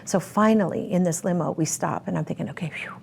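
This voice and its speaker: A woman recounts her past in a sit-down interview, her voice sitting low for a woman. She speaks emphatically, acting out what others said and repeating words to drive a point home. A faint noise hums behind her. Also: brisk, gravelly, a little mellow. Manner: emphatic, acts out quoted speech, repeats words for effect. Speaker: interviewee telling her life story. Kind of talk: personal testimony in a sit-down interview.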